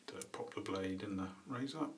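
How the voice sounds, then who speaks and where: A man's voice: fairly low pitch, normal speed, a little hiss or hum. A man chatting casually on a live stream, rambling and greeting viewers between tasks. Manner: rambling, chatty, frequent ums and uhs. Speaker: vlogger hosting a live stream.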